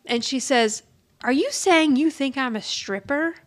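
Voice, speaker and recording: A woman's voice: high voice, measured pace. A woman co-hosting a podcast, casually recapping a TV episode and acting out the characters' lines with laughter. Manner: animated retelling, acting out quotes with laughs. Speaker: podcast co-host.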